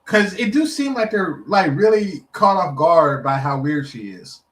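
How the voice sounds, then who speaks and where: A man's voice: on the high side, lively intonation, a little slow, fairly bright tone, reverberant, low-quality recording. A man giving frank, casual reaction commentary on an interview clip. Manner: frank, blunt, wry.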